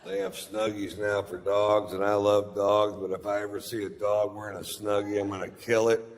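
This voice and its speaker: A middle-aged man, doing a stand-up set with drawling, deadpan storytelling and crude punchlines. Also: on the low side, moderate pace. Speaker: stand-up comedian. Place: large theater stage with audience laughter. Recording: live hall recording with long reverb and audience noise.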